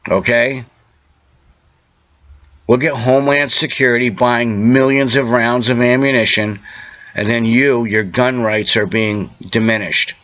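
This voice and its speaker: A man talking straight to the camera in an urgent, insistent monologue, lecturing the listener and halting often with fillers. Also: medium pitch, steady tone, fairly bright tone, highs cut off. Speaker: self-made video speaker.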